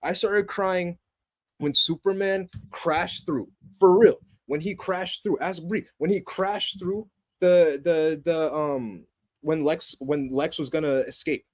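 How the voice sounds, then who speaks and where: A young adult man co-hosting a podcast, chatting casually about a movie in an animated, passionate way that swings from loud excitement to low, earnest tones. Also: slow. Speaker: podcast co-host. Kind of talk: casual movie review chat.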